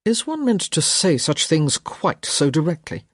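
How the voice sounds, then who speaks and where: A wry young gentleman from a storybook romance, dry and sardonic in his replies, voiced by a woman narrator close to her own low voice. The sound is breathy and very dry. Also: big pitch swings, measured pace, no echo, heavily acted.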